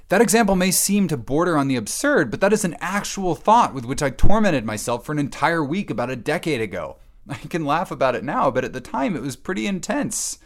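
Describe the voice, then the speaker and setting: Guy doing a wry comic monologue by himself in a cabin, self-deprecating, rambles, sometimes yells. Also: mid-range voice. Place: empty cabin, alone.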